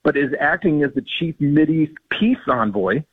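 A man's voice: fairly high pitch, very animated, moderate pace, slightly rough, dry recording. A man speaking as a guest on a phone-in radio interview, earnest and indignant, with many ums and restarts. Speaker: policy guest. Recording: tinny phone line.

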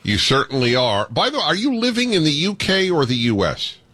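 A jovial American man hosting a radio talk show, chatting easily with his guest. His pitch swings up and down freely, and he laughs often between remarks. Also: huge pitch swings, a little fast, bright, forceful tone, no echo.

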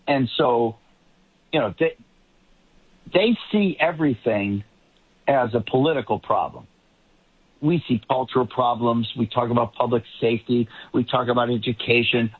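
A man's voice: medium pitch, moderate pace, long pauses, breathy edge. A man commenting as a guest on a political talk show, rambling and often restarting his sentences. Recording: tinny phone line.

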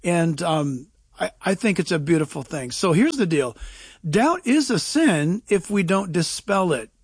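A man's voice: high-pitched, big pitch swings, unhurried, slightly rough, no room sound. A man preaching on a talk show, fervent and emphatic, repeating key lines.

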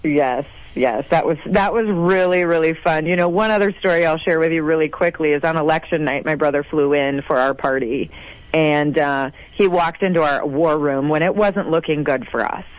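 A woman from South Dakota, a mayor, telling stories in a casual interview with animated, gushing energy. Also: normal speed, dry recording, lo-fi sound. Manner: animated, gushing, acts out quotes in a higher voice.

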